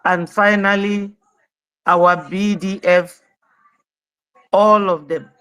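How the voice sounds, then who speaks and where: Woman caller, unhurried and formal, smooth tone. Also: mid-range voice, fairly even intonation, a bit bright, rough recording. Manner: slow, deliberate, ceremonious. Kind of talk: formal greetings in call-in.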